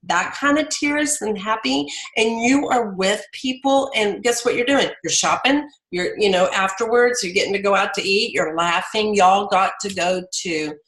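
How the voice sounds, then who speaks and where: A woman's voice: medium pitch, moderate pace, few pauses, fairly bright tone, reverberant, low-quality recording. A middle-aged woman giving a rambling, chatty motivational talk to her team on a video call. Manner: rambling, chatty, full of fillers and restarts. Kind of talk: casual motivational pep talk.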